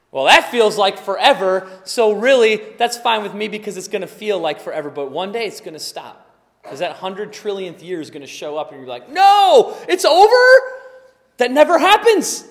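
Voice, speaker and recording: A man preaching a sermon, emphatic, swinging between quiet explanation and loud exclaiming. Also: high voice. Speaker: pastor. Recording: long hall reverb.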